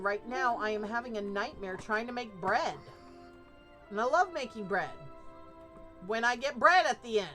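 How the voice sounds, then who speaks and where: A woman streamer chats casually with her viewers while she plays, laughing often and answering their messages. She talks in an unhurried, drawn-out way, with a voice a little higher than most women's. Quiet music plays faintly in the background. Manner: chatty, laughs often, reacts to chat. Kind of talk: casual live-stream chat while gaming.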